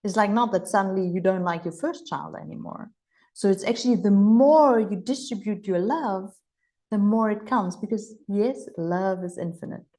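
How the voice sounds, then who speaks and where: A woman's voice: mid-range voice, moderate pace, mellow. Woman, upbeat online mentor, exclamatory and playful. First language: German. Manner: enthusiastic, exclamatory, acts out gushing voices. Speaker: healing and money mentor. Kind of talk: live online coaching session.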